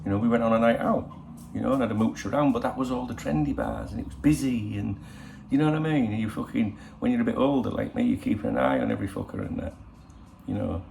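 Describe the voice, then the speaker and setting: A man's voice: mid-range voice, expressive, quick pace, creaky, darkish tone, slight background noise. A middle-aged man hosting a football channel, chatting casually in a rambling, cheeky way full of swearing. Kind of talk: casual chat. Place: in Spain.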